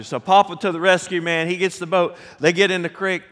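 A middle-aged man with a Southern American accent, a pastor telling a folksy, animated story with laughs during a sermon. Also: high-pitched, fairly quick. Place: large church sanctuary. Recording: long hall reverb.

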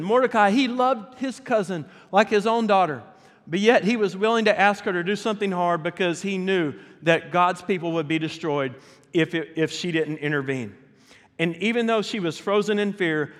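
Guy preaching, fairly high voice, telling stories and asking the crowd stuff, big church reverb. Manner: animated, addresses the congregation directly. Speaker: pastor. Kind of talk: storytelling sermon. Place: church sanctuary. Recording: long reverb of a church hall.

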